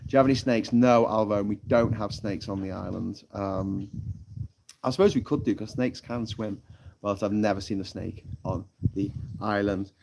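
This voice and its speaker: A man's voice: lowish voice, fairly even intonation, normal speed, creaky, rough recording. A British man hosting a live stream from a tropical island, chatting casually, reading out the live chat, swearing freely and laughing at his own jokes. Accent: British English. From United Kingdom. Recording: loud background noise.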